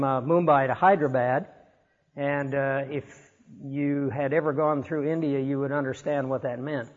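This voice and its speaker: A male pastor leads a congregation through announcements and prayer requests at an unhurried pace, pausing often to gather his words. His voice carries a long reverb from the church hall, and the tape sounds dull and lo-fi. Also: medium pitch. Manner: unhurried, with frequent hesitations.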